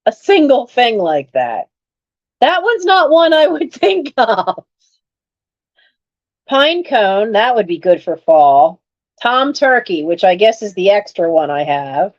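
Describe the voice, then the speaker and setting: A woman's voice: medium pitch, big pitch swings, slow pace, lo-fi sound. Chatty woman unboxing finds. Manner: chatty, exclaims over finds. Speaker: online reseller hosting a live sale. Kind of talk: casual chat while unboxing.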